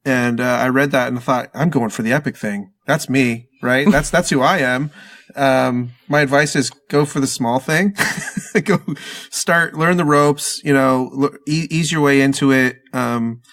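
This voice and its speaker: A man's voice: mid-range voice, measured pace, a bit bright. A man from the United States, a guest in a casual video call chat, playful and self-mocking.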